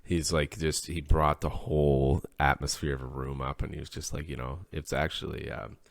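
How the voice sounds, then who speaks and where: Very deep gravelly man chatting. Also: flat delivery, moderate pace, dry recording, clean studio sound. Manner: rambling, acts out quoted speech. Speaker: podcast co-host; workplace supervisor. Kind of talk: casual chat.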